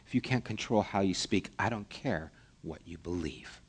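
A man giving a conversational sermon as a pastor, acting out little dialogues and dropping to a hushed voice for emphasis. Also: deep voice, expressive, moderate pace, hardly any pauses, slightly rough. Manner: conversational preaching, acts out mock dialogues, drops to a hushed voice.

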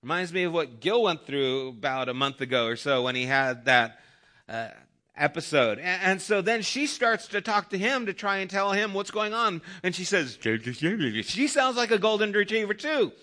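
A man preaching a sermon, his voice sitting a little high and sounding bright and forward. He retells a story, dropping softer whenever he voices the thoughts of the person in it. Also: normal speed. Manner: retells a story, voicing quoted thoughts softly. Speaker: pastor.

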